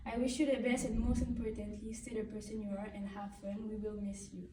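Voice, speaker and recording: A woman's voice: medium pitch, level tone, brisk, very noisy. A teenage girl reading a heartfelt farewell tribute speech in earnest, with slightly non-native phrasing. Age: late teens. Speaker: student athlete giving a tribute. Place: large echoey hall. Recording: echoey hall, distant mic.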